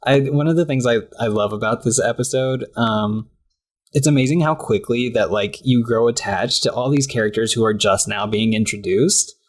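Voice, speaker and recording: Man, podcast co-host, easygoing recap chat, pops into silly high voices. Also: moderate pace. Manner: chatty, acts out lines in high voices, laughs often. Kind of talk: casual chat recapping a cartoon.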